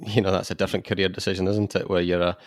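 Low-voiced man hosting a podcast. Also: little pitch movement, rapid-fire, no room sound, studio quality. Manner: conversational, leads the discussion. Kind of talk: casual podcast discussion.

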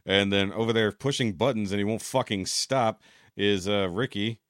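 A man's voice: lowish voice, normal speed, fairly bright tone, no room sound, studio quality. A man hosting a casual podcast chat, loose and profane, often laughing at his cohosts. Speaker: podcast host.

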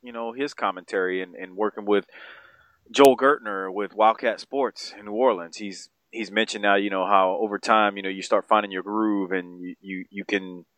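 A man's voice: moderate pace, no echo. Rambling, profane podcast co-host man. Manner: rambling and profane, pitch jumps when excited. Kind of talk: casual podcast chat.

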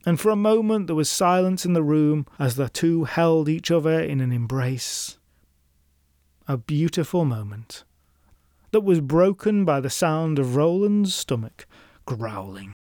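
A man's voice: fairly high pitch, lively intonation, a little slow, darkish tone, dry recording, clean studio sound. A man narrating a folklore tale in scripted style, dramatic with wry asides to the listener. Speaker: storyteller host.

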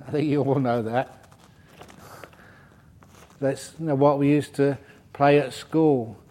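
A man's voice: mid-range voice, steady tone, takes it slowly, dark tone. A man giving a dharma talk to a retreat group as their meditation teacher, humorous and digressive, breaking off to joke. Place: retreat centre meditation hall.

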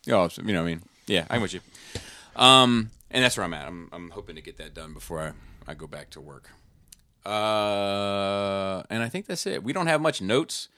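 Rambling man, low voice, dry sound. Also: expressive, moderate pace, bright, forceful tone, no echo. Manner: rambling, filler-heavy, many restarts. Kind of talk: casual chat.

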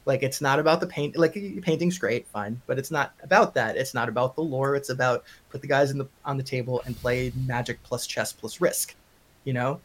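A man's voice: mid-range voice, fairly quick. A man from Long Island with a Long Island accent, hosting a casual podcast chat and ranting in an exasperated, joking way. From Long Island, New York. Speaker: podcast host.

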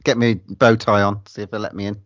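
A man hosting a casual podcast chat, quick to react with laughs and swearing. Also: fairly low pitch, level tone, a bit bright, no echo, muffled recording.

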